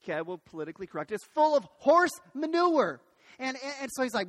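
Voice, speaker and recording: A man preaching a sermon as pastor, telling a story in an animated way, often restarting his sentences. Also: very high-pitched, fast. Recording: long hall reverb.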